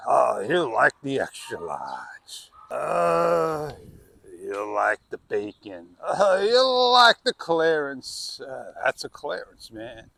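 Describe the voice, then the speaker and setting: A man's voice: medium pitch, huge pitch swings, slow pace, gravelly, fairly bright tone, no room sound. A man vlogging outdoors on a wireless clip-on mic, rambling casually and exclamatory, often tossing in "man". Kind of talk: casual rambling vlog talk.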